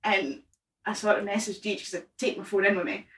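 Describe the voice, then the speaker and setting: A woman in her twenties telling an embarrassing story on a casual podcast, animated and sweary, laughing at herself. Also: mid-range voice, brisk, far from the mic, rough recording. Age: 20s. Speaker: guest.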